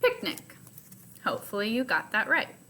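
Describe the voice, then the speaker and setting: A woman teacher records a phonics lesson for her students at home. She talks slowly and patiently, breaking each step down. Her voice is bright and clear. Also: mid-range voice, a little hiss or hum. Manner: slow, patient, explains step by step.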